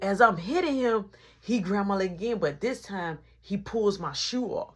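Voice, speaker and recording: A woman telling a story in a casual storytime monologue, animated and full of sound effects. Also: normal speed, slightly rough. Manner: animated, punctuates with sound effects like boom and boop.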